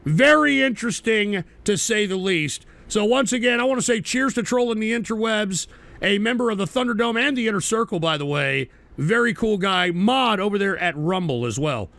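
A man's voice: high-pitched, expressive, moderate pace, vocal fry, fairly bright tone, no room sound. A man hosting a livestream who reacts to viewer clips with crude, exasperated, profanity-heavy commentary. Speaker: livestream talk show host. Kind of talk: crude casual stream commentary.

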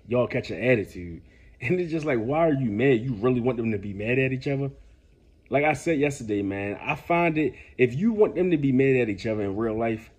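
A man's voice: medium pitch, dark tone, slightly rough. A man giving casual vlog commentary, laid-back and lecturing, often tossing in "man" and "bruh". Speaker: commentary vlogger.

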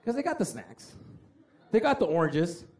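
A man's voice: high voice, moderate pace. A young man doing a stand-up comedy set, telling stories animatedly with lots of profanity, on a handheld mic before a live audience in a large venue. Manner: animated storytelling, lots of profanity, acts out voices. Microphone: handheld stage mic. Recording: live stage recording with audience laughter.

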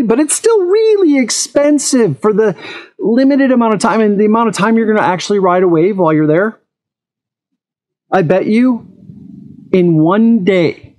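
A man's voice: fairly high pitch, a little mellow. A man hosting an eFoil channel, talking frankly in a casual monologue and telling personal stories.

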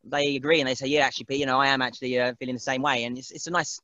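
Rambling, bright-voiced man. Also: mid-range voice, flat delivery, rapid-fire, no echo, dull audio. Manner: rambling, laughs often, mimics voices. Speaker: interview guest. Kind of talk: casual chat.

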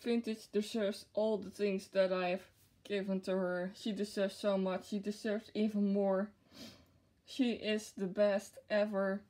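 A woman's voice: mid-range voice, level tone, unhurried, dark tone. A young woman vlogging an unboxing in casual chat to camera, gushing and giggly. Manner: gushing and giggly, with frequent laughs. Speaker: vlogger showing a plush unboxing.

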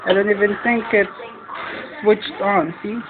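A woman's voice: mid-range voice, steady tone, a little slow, phone-quality sound. A woman with a Filipino accent filming at home on a handheld camera, chatting casually and coaxing, teasing and repeating herself. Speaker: home video maker filming family. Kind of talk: casual home video narration. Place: living room at home. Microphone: handheld camera mic.

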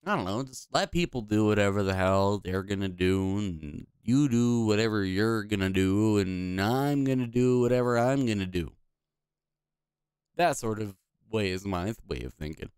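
A man's voice: fairly low pitch, expressive, normal speed, darkish tone, clear, resonant tone, no echo, studio quality. A man casually commenting on a video game he is playing, blunt, profane and rambling. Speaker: gaming video host.

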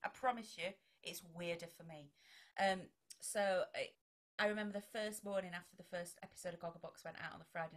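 Vicar lady chatting away, bright voice, acts out little conversations. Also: fairly low pitch. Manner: chatty and animated, acts out quoted exchanges. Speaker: vicar and broadcaster. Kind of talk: conversational interview.

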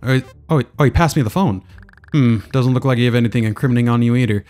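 A stern school official from a video game who questions children in clipped, brisk orders , as a man voices him. His pitch is middling, with quiet music underneath. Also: lightly acted.

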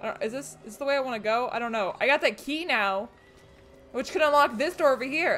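A young woman streaming a horror game, jumpy and excitable, shrieking and swearing at the game as she plays. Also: sits high, quick pace. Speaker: gaming streamer. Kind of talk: let's play commentary.

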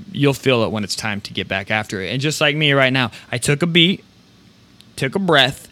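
A man hosting a podcast, giving energetic, rambling motivational talk with casual swearing. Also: mid-range voice. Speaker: podcast host.

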